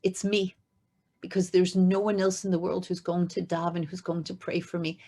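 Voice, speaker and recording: A woman's voice: fairly low pitch, level tone, moderate pace, mellow. A woman voicing an anguished, childless woman who speaks earnestly and insistently about her resolve to pray. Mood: anguished, resolute.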